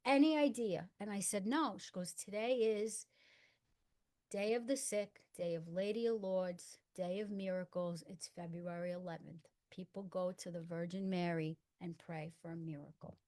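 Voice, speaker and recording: A middle-aged woman telling a personal story in conversation, acting out the dialogue and dropping to a hush for quoted lines. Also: lowish voice, steady tone, normal speed. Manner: earnest storyteller acting out dialogue in hushed tones. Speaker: guest.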